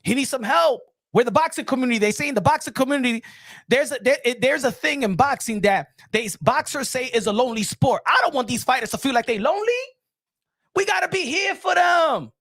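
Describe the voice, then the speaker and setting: A man runs his boxing commentary channel in a high, gravelly voice. He lectures loudly, hammers the same phrases again and again, and talks straight to the fighter he is criticizing. The recording sounds close and completely dry. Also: expressive, a little fast, dry recording. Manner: loud, preachy, repeats himself, addresses the subject directly. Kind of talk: emphatic boxing commentary vlog.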